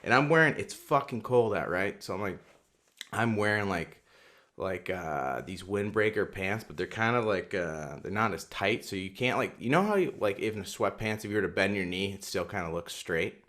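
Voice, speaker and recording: A young man co-hosting a podcast, telling a story in casual chat, swearing a lot and getting loud and worked up as he quotes himself. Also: lowish voice, normal speed. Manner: animated storyteller, swears constantly, gets loud and heated when quoting himself. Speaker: podcast co-host.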